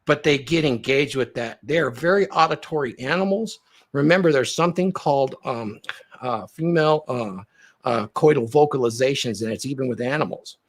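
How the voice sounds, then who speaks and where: Husky guy coaching on dating, animated, acts out scenes while he talks. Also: medium pitch, moderate pace. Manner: animated, acts out quoted lines. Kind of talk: podcast chat.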